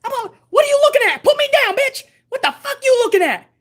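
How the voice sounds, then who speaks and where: A foul-mouthed little male cartoon bunny with a squeaky, sky-high voice. He rattles off loud, brash complaints in quick bursts, all attitude and no patience. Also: sing-song, exaggerated voice. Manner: loud, cursing, rapid-fire outbursts.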